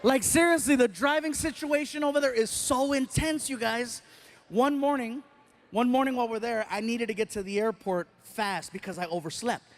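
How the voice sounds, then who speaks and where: High-voiced, animated stand-up comedian. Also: male voice, moderate pace. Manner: animated storytelling, acting out scenes. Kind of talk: stand-up routine. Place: comedy stage before a live audience.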